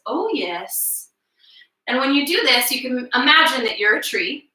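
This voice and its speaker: A young woman leading a circle time lesson for small children, soft and encouraging, with slow spoken affirmations. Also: high-pitched, expressive, reverberant, low-quality recording.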